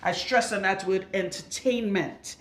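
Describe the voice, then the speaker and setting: A woman loctician speaks bluntly to camera while working on a client in her salon, a room with a radiator. Her medium-pitched, fairly bright voice moves at a moderate pace, outspoken and emphatic with rhetorical questions. The recording has a roomy echo and a little hiss or hum.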